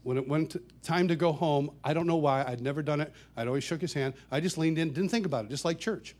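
A man with a somewhat high voice tells a personal story to an audience. He is animated and laughs often. He stumbles and repeats words as he goes. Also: fast. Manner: animated, laughs often, gets louder and higher as the story builds; restarts and repeats words while telling. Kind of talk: storytelling talk.

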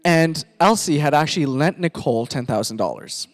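A man's voice: a little high, lively intonation, fairly quick. A man from Pakistan, a pastor, animatedly narrating a sermon skit and directing volunteer actors.

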